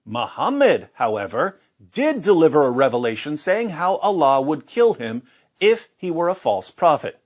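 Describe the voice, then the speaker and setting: Animated man reading quotations pointedly. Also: fairly high pitch, moderate pace. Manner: reads quotations aloud with pointed emphasis. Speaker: speaker in a quoted video clip. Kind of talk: debate-style scripture reading.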